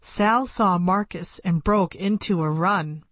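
A woman reading a first-person story aloud as an audiobook narrator, in a plain, measured storytelling manner, close to a studio mic. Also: lowish voice, fairly bright tone, no echo.

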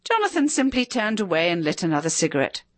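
A woman reading a story aloud with a dramatic, expressive delivery. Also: on the low side, fast talker, dry recording.

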